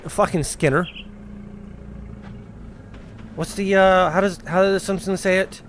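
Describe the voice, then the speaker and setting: A male streamer chatting over his gameplay, rambling and sarcastic, with a lot of swearing. His voice sits fairly high for a man. Faint noise hums underneath. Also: fairly even intonation, a little slow. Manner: rambling, profane, sarcastic, frequent restarts. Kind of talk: casual gameplay commentary.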